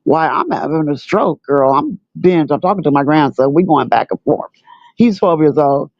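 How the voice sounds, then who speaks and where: A woman's voice: low-pitched, moderate pace, no room sound, lo-fi sound. An older grandmother telling her own story casually, repeating herself and acting out what people said. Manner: animated, repeats herself, acts out quotes.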